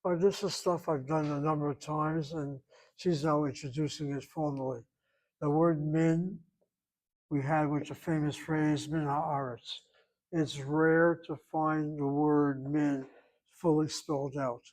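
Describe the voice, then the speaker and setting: Older male teacher, slightly high voice, patient explanatory lecture style. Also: steady tone, a little slow, a little mellow, low-quality recording. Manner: patient, explanatory, repeats points, clears throat. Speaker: Hebrew teacher. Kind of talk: online class lecture.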